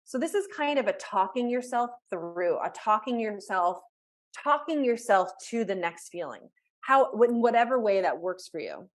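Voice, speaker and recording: A woman's voice: medium pitch, sing-song, moderate pace. A woman leading a live online workshop as a life coach, speaking conversationally and talking through examples of self-talk with frequent restarts.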